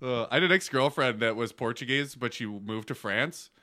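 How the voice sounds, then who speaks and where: Bright-voiced man cracking crude jokes. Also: mid-range voice, moderate pace. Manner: loud, profane, laughs often. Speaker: podcast co-host. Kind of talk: crude comedic banter.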